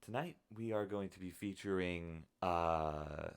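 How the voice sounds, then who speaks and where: A man's voice: sits low, unhurried, clean tone. A man streaming live in casual chat, rambling in a playful, self-deprecating way.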